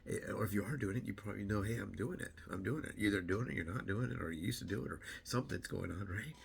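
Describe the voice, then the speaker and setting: A man's voice: fairly low pitch, very fast, creaky, breathy edge. A middle-aged man rambling casually to camera about his weight loss, repeating words and acting out what other people say.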